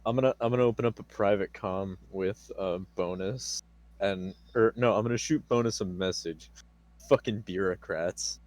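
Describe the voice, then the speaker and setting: A male player in a tabletop game with a low voice. He drops dry, wry remarks in a casual way. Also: moderate pace, darkish tone.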